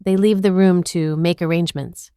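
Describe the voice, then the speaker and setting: A woman narrates a dramatic story in the first person, keeping her delivery tense and inward. Her voice sits on the lower side. The recording is dry, with no room sound at all. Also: steady tone, moderate pace, mellow, clear, resonant tone, dry recording.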